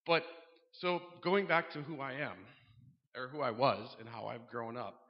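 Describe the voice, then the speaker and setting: A man's voice: mid-range voice, animated, a little slow. A man talking casually to a congregation, candid and joking, with lots of "um"s and acted-out dialogue. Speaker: church member announcing a men's group. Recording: dull sound, long reverb in a large room.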